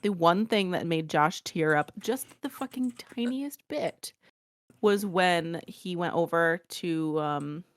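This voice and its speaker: A woman's voice: on the low side, takes it slowly, no echo. A young woman co-hosting a podcast, chatting casually and telling stories while swearing freely. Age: young adult. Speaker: podcast co-host. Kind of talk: casual chat.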